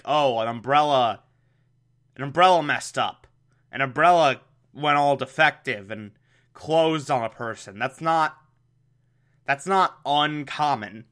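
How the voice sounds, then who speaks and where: Wry, chatty man with a crisp, bright voice. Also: on the high side. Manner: wry, chatty, laughing asides. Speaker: show host recapping an episode. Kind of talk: casual comedic recap.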